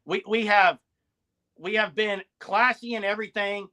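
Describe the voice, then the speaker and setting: A man's voice: high-pitched, steady tone, normal speed, pushed and bright. A man co-hosting a live sports podcast, speaking in an insistent, defensive way and repeating words as he pushes his point. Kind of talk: casual live-stream sports talk.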